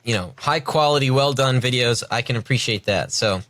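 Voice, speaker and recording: A man's voice: mid-range voice, fairly quick, a bit bright, no room sound. A man hosting a podcast interview, friendly and hesitant with many fillers as he asks questions. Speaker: podcast host.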